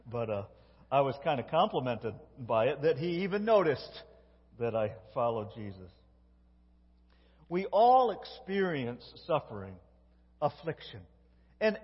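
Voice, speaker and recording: Husky-voiced middle-aged pastor in a reverberant church. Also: male voice, a little high, sing-song, measured pace. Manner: folksy, self-interrupting, tells jokes. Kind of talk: sermon. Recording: dull lo-fi with long church reverb.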